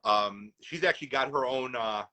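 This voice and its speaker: Upbeat man from Chicago, bright tone. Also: medium pitch, normal speed, low-quality recording. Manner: eager and upbeat, many "you know" fillers. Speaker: guest, food business owner. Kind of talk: casual chat.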